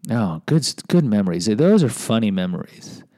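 A man's voice: lowish voice, big pitch swings, moderate pace, dark tone, dry recording. A man telling personal stories in a casual monologue, candid and self-deprecating, often restarting and adding asides.

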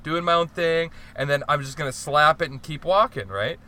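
A man's voice: on the high side, normal speed, sharp tone. A young man telling a story in casual chat, rambling with lots of "like", laughing and swearing as he goes.

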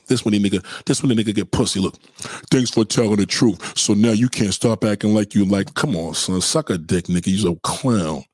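A man's voice: lowish voice, darkish tone, breathy edge, no echo. A man, from Brooklyn, hurling mocking, profane insults in a livestream rant. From Brooklyn, New York. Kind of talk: trash-talking livestream rant.

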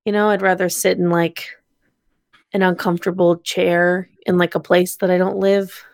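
A woman's voice: fairly low pitch, little pitch movement, moderate pace, creaky, no room sound, studio quality. A woman in casual podcast chat, talking loosely with many "like" fillers.

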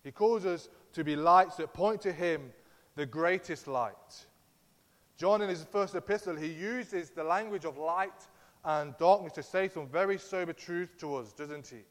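A man's voice: on the high side, unhurried. A man preaching a sermon in an earnest, emphatic way, speaking in a church hall. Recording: long reverb of a large hall.

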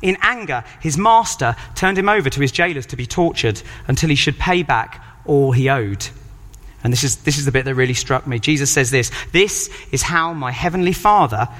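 A man preaching a sermon, reading scripture aloud and acting out the characters' voices with animated delivery. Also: medium pitch, fairly quick. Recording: long hall reverb.

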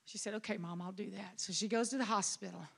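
A middle-aged woman pastor preaching a sermon, telling a personal story with rising emotion and shouting. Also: mid-range voice, steady tone, quick pace, gravelly, slightly rough. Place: conference hall.

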